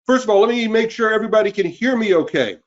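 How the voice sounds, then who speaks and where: A man's voice: sits high, animated, fast, lo-fi sound. Upbeat man in his fifties hosting. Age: 50s. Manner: upbeat, greets listeners by name. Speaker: webinar host. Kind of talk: live webinar sales pitch. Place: cold indoor room.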